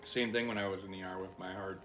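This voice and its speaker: Male podcast host, extremely low voice, casual and halting interviewer. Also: steady tone, a loud crowd. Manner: halting, searching questions.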